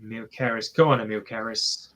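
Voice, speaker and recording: A man's voice: lowish voice, fairly even intonation, brisk, a bit bright. A man commentating casually on a marathon live for viewers, chatty and self-mocking as he cheers the runners on. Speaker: live race watch-along streamer.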